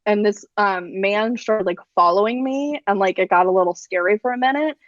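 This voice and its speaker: A young woman guest on a pop culture podcast, rambling and animated in casual chat and swearing freely. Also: medium pitch, moderate pace, no echo, lo-fi sound.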